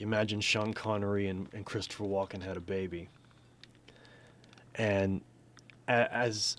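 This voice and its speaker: A man chatting casually on a livestream about voicing characters, rambling and restarting sentences, sometimes dropping to a whisper. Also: lowish voice. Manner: rambling, self-interrupting, drops to a whisper at times. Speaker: streamer and voice actor.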